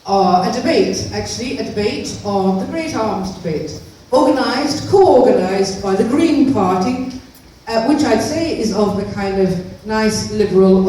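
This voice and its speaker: A woman's voice: medium pitch, measured pace, dark tone, far from the mic, slight background noise. Earnest woman speaking in an echoey hall. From Northern Ireland. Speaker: activist speaker. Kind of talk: public speech.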